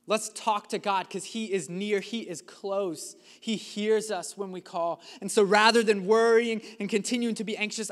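Man, pastor, sermon, earnest emphatic delivery, dramatic pauses, high voice, reverberant sanctuary. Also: fairly bright tone.

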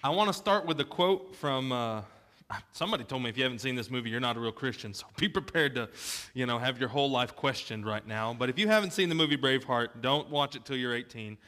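A man's voice: medium pitch, lively intonation, quick pace, bright, forceful tone, faint music behind. A man preaching a casual, conversational sermon full of movie references and self-deprecating asides. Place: church gym.

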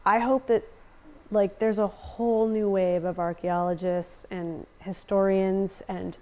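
A woman's voice: mid-range voice, level tone, unhurried, dark tone. An American woman talking passionately as a podcast guest, swearing freely and saying "like" often. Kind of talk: casual conversation.

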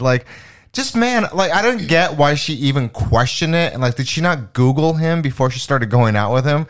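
A man co-hosting a casual podcast, joking and telling animated stories. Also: a little high, normal speed.

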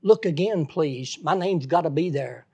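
A man's voice: on the high side, expressive, normal speed, vocal fry, a little mellow, slightly rough, exaggerated voice. A man playing an anxious old preacher pleading. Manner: pleading, insistent.

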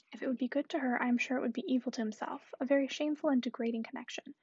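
A woman reading a classic novel aloud, narration and dialogue at a brisk pace, recorded close and dry. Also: sits high, fairly even intonation, a little mellow, slightly rough, dull audio. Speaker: audiobook reader.

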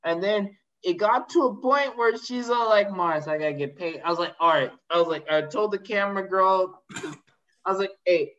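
A man chatting on a podcast, telling a filmmaking story with lively acted-out quotes. His voice sits in a middle range. The recording sounds a little dull and lo-fi. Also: high voice, moderate pace. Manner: animated storyteller, acts out quotes. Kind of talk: casual podcast chat.

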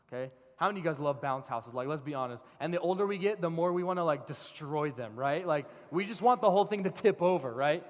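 A man in his thirties preaching a sermon to a congregation, switching into lively storytelling with voiced characters. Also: fairly high pitch. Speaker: pastor. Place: church sanctuary. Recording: long reverb of a large hall.

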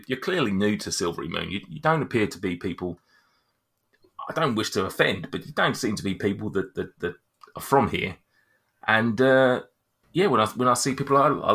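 A man's voice: fairly low pitch, sharp tone, slightly rough, full character voice. A man doing a clumsy, stammering tavern local. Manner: stammering, apologetic, eager to please.

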